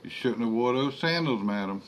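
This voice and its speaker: A man voicing an old, fatherly monster hunter who speaks gently, in a spoken horror story. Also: mid-range voice, expressive, moderate pace, slight background noise, pitched above the performer's own voice, close to an everyday voice, poor audio. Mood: grave. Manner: gentle, fatherly, calls others my boy and my dear.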